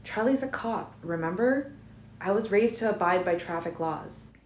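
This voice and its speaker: A woman voicing a frightened, sarcastic teenage girl who shouts high in panic, recorded in a roomy space with faint noise. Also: very animated, moderate pace.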